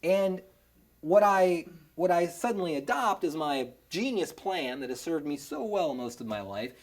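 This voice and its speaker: A man telling a personal story on stage, animated and self-mocking, with lots of chatty asides. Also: on the high side, measured pace. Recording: live audience laughter audible.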